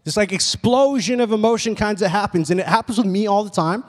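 Young man, pastor, casual lively sermon, high voice, long hall reverb. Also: brisk. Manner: casual, animated storytelling with many "like"s. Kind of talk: youth sermon.

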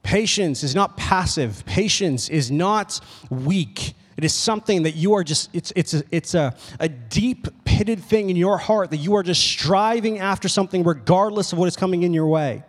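A young man preaching a casual, animated sermon, telling stories with lots of "like"s. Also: high-pitched, normal speed, husky. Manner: casual, animated storytelling with many "like"s. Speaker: pastor. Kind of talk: youth sermon. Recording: long reverb of a hall.

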